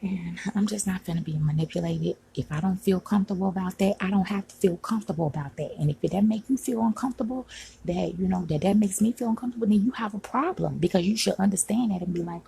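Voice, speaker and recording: A woman venting in an upset vlog, talking agitatedly and sometimes dropping to a hush, recorded at home on a phone. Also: medium pitch, fast talker, creaky, husky, low-quality recording. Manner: agitated, venting, frequent "like" and "you know". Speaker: vlogger. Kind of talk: upset personal vlog rant. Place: home room.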